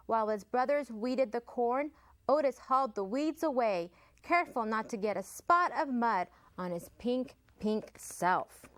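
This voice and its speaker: Woman librarian, children's read-aloud, slow, lively lilting pitch, dry close sound. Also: no echo. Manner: slow, sing-song storytelling.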